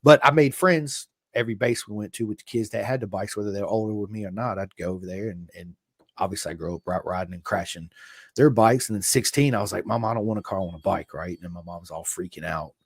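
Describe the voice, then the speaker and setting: A man's voice: lowish voice, fast, breathy edge, no echo, studio quality. A man hosting a podcast, telling motorcycle stories in casual conversation and acting out quoted lines. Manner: animated storyteller, acts out quotes. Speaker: podcast host.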